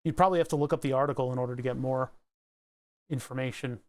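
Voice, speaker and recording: A man's voice: medium pitch, steady tone, quick pace. A man streaming live and chatting casually, reading excerpts aloud and musing over them, with the odd swear. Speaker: livestreamer.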